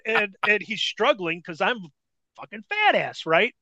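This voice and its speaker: A man recounts a wrestling story in a casual, profanity-laced, animated way. His voice sits high with a bright, forward tone. The recording is dry and close. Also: moderate pace, dry recording, dull audio. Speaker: podcast guest, former wrestler. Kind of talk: casual anecdote telling.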